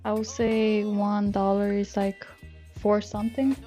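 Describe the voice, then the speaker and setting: A woman's voice: medium pitch, flat delivery, a little slow, dark tone, soft background music. A woman from Romania with a Romanian accent, chatting easily as a guest. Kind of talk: casual chat.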